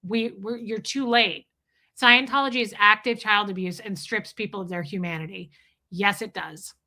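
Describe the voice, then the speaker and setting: Blunt bright-voiced woman streamer. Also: medium pitch, fairly even intonation, moderate pace. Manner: blunt, profane, confessional. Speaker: livestream host. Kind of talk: casual livestream talk with chat shout-outs.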